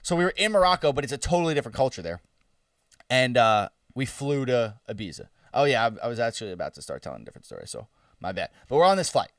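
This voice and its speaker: A man's voice: medium pitch, big pitch swings, fast talker, a bit bright, dry recording, clean studio sound, recorded from a distance. A young man in his twenties, co-hosting a podcast, telling a story in a loose, profane, laughing way. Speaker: podcast co-host. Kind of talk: casual storytelling chat.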